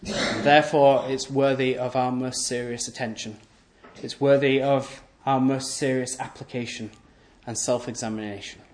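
A man preaching a sermon, emphatic and repetitive, asking rhetorical questions and letting his voice sink low and quiet at the ends of phrases. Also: fairly even intonation, normal speed, roomy sound, a little hiss or hum. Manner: voice often drops low and soft at the end of phrases.

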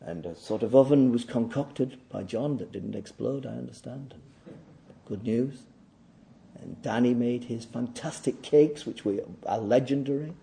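A man preaching a sermon, emphatic and repetitive, swinging between loud declaiming and quiet asides. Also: medium pitch, a little slow, vocal fry. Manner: emphatic, repeats phrases for stress. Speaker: pastor.

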